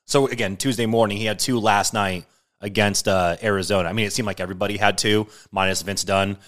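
A man's voice: on the low side, steady tone, fast talker, fairly bright tone. A young man co-hosting a casual sports podcast, laughing, swearing and recapping games. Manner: laughing, swears and acts out mock quotes. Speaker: podcast co-host.

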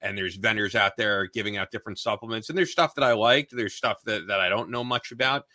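A man's voice: lowish voice, fairly even intonation, a little fast, sharp tone, no room sound. A man co-hosting a podcast, explaining things earnestly in casual chat. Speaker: podcast co-host.

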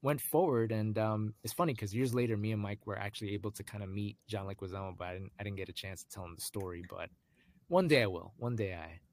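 Young guy on a podcast telling a story, animated, does little voices for people. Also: on the low side, quick pace. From United States. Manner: animated, acts out voices in his anecdotes. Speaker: guest. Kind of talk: storytelling in casual conversation.

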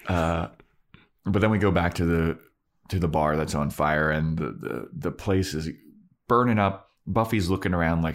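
Low-voiced man recapping a TV episode. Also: moderate pace. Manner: retells scenes acting out characters' lines, laughs often. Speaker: podcast co-host. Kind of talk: casual recap chat.

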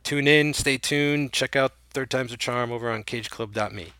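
A man in the middle of his pitch range chats as a podcast guest, easygoing and quick to plug his work. His tone is bright and clear, recorded dry and close. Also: no room sound. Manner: easygoing, promotional plugs. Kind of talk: casual podcast chat.

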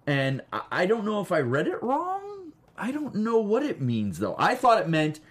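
Dude co-hosting a podcast, rambly, voice bounces up and down a lot. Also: male voice, high-pitched, wildly swooping pitch, normal speed, husky. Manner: rambling, restarts often. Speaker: podcast co-host. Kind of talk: casual chat.

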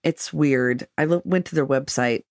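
A woman's voice: extremely low pitch, moderate pace, darkish tone, no echo, clean studio sound. A woman co-hosting a casual podcast from a lakeside cabin, chatting and telling stories with amusement. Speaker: podcast co-host. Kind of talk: casual chat.

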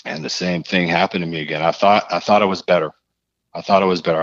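A man, a podcast guest, telling a personal story in a halting, earnest way, often repeating his phrases. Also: low voice, a bit bright, dry recording, highs cut off.

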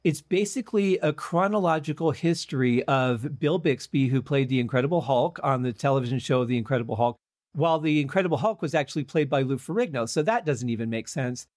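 A man hosting a podcast interview, teasing his guest with deadpan jokes. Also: medium pitch, fairly quick, dry recording, studio quality. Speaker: podcast host.

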